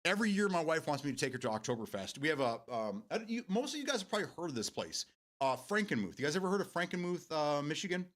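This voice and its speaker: A man's voice: fairly high pitch, very animated, fast talker, a bit bright. An American man hosting a live stream, chatting casually with viewers in a rambling way and laughing often. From United States.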